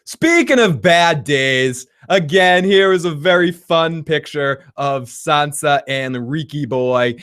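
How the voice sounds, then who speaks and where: A man with a slightly high-pitched voice hosts a casual reaction livestream. He rambles, jokes, swears freely and laughs often. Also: expressive, slow, few pauses, a bit bright, clear, resonant tone. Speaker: livestream host. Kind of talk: casual reaction chat, reading viewer comments.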